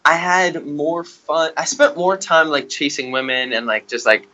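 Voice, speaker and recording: A man in his twenties with a bright, fairly high voice, chatting casually on a podcast. He tells stories in an animated way, laughs often and keeps dropping "dude" and "yo.". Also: measured pace, muffled recording. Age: 20s. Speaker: podcast co-host. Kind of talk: casual chat.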